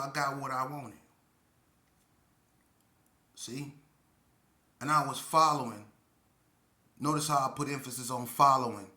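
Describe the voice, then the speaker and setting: A middle-aged man tells his story in a loose, emphatic monologue, leaning into warnings like a street preacher. His voice is bright and forward, and it rings in a roomy, echoing space. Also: mid-range voice. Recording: echoey room.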